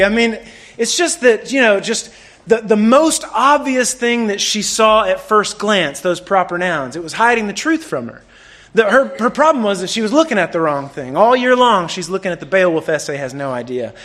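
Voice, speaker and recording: A man preaching a sermon, telling a lively story and acting out the people in it. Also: high voice. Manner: animated storyteller, acts out quotes. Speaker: pastor.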